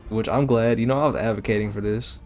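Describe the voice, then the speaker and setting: Slangy, excitable male game streamer. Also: lowish voice, quick pace, faint music behind. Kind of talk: casual live-stream commentary.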